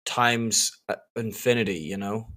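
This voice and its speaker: A man's voice: lowish voice, a little slow, bright, forceful tone. A man chatting casually on a podcast while commenting on a film. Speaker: podcast co-host.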